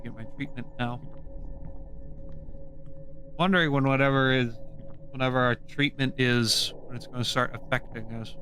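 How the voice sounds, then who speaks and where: A man's voice: medium pitch, steady tone, moderate pace, long pauses, sharp tone, faint music behind. A man streaming a game, chatting casually with mumbled asides. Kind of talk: live game playthrough commentary.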